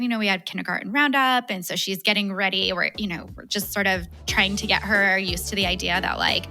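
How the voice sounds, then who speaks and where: A woman in her thirties, a mother and guest, telling a family story with frequent laughter. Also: mid-range voice. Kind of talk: storytelling interview.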